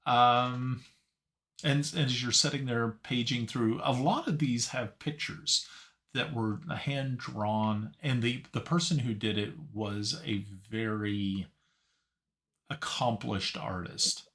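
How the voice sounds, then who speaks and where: Man, game master, unhurried pace, middle pitch, halting delivery, tabletop narration. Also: a bit bright. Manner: halting, searching for words.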